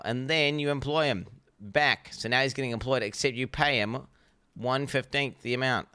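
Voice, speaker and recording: A man's voice: mid-range voice, normal speed, sharp tone, clean tone, no echo. A man, streaming and giving blunt, rambling reaction commentary, swearing freely.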